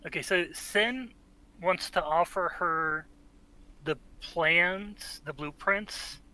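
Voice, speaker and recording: Bright-voiced man playing a tabletop game. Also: sits high, slow, poor audio. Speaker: player. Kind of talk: casual chat.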